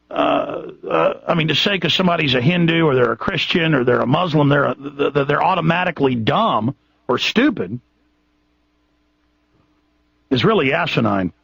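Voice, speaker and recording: A man's voice: fairly high pitch, vocal fry, a bit bright, husky, no room sound. A man hosting a radio show, ranting in an impassioned, indignant way with many restarts. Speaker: radio host. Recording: dull lo-fi radio broadcast, dry.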